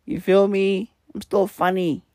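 A man hosting a podcast, with a hoarse, worn-out voice and low energy, talking in a casual, profane comedic rant. He keeps tagging his lines with slang and "right?". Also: a little mellow, dry recording, studio quality. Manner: profane, repetitive, tags lines with "bruv" and "right?". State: hoarse, voice nearly gone. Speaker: podcast host.

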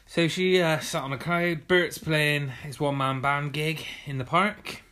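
A woman's voice: sits low, fairly even intonation, measured pace, fairly bright tone. A woman in her thirties from England, co-hosting a podcast with dry, wry, self-deprecating humour. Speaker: podcast co-host. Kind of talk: casual chat.

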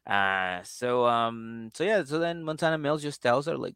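A man's voice: medium pitch, steady tone, unhurried, few pauses, fairly bright tone, clean tone, no room sound, studio quality. A man co-hosting a casual podcast, retelling a story with lots of acted-out quotes and casual swearing. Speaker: podcast co-host. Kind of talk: casual chat, retelling a show.

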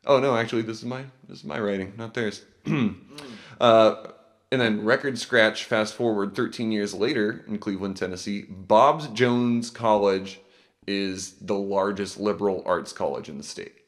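A man's voice: on the low side, moderate pace. A man co-hosting a casual podcast, walking his friends through a history story, reading notes aloud and swearing and laughing as he goes. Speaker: podcast co-host.

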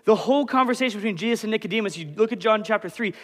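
A man in his late twenties preaching a sermon as pastor, animated and conversational. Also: high voice, very fast. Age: 20s. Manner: animated, conversational, self-deprecating. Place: church hall. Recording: long hall reverb.

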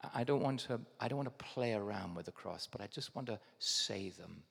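An English man preaching a sermon to his congregation, animated and direct, dropping to a hush and then bursting out loud. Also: on the low side, brisk, creaky, slightly rough, big-room sound. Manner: addresses congregation directly as guys. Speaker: pastor. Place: church hall.

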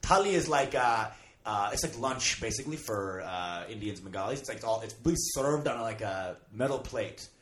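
A man as a podcast guest, joking through quick banter in casual chat. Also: fairly low pitch, expressive, fairly bright tone, echoey room.

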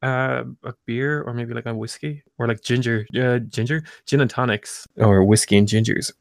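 A man's voice: medium pitch, fairly even intonation, normal speed, gravelly, no echo. A young man with an Irish accent, chatting casually on a podcast, rambling and swearing with frequent laughs. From Ireland. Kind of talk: casual chat.

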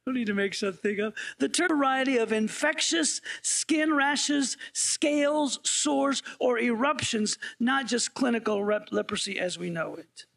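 A man's voice: very high-pitched, measured pace, gravelly, few pauses, fairly bright tone. A male interim pastor preaching a sermon in a conversational way, often asking the congregation playful questions.

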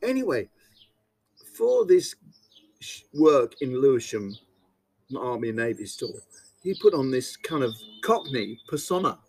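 A man's voice: medium pitch, very animated, measured pace, long pauses, a little mellow. A man hosting a podcast, telling a rambling anecdote with frequent laughs. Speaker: podcast host. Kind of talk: casual chat, anecdote.

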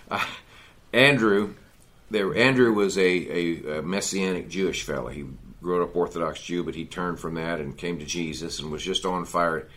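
A man's voice: sits low, measured pace, fairly bright tone. A man teaching a men's Bible study in a folksy, conversational sermon style, often adding "you know" and "see".

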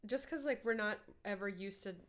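A woman's voice: mid-range voice, moderate pace. Casual Minnesotan podcast woman. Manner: rambling, profane, with many "like" fillers. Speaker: podcast co-host. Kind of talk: casual chat. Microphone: headphones and studio mic.

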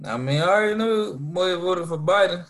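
A man's voice: high voice, moderate pace, a crowd in the background. A man in a casual podcast chat, teasing his friends.

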